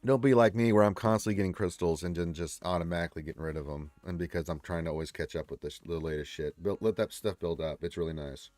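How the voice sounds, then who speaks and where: A man's voice: low voice, fairly even intonation, fast talker, hardly any pauses, a little mellow, no room sound, faint music behind. A man hosting a casual gaming livestream, chatting loosely and reading viewer comments with a joking manner. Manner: laid-back, rambling, joking. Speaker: livestream host.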